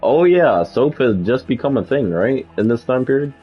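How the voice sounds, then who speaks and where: A man's voice: mid-range voice, expressive, normal speed, husky, highs cut off, soft background music. A young man casually commenting on his gameplay, rambling and laughing through a story with many fillers. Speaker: gaming video host.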